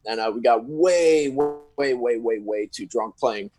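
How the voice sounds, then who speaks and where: A man's voice: medium pitch, a little slow, darkish tone, no room sound. A young man, a guest on a podcast, telling a story in a rambling, casual way. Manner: rambling, full of fillers and restarts.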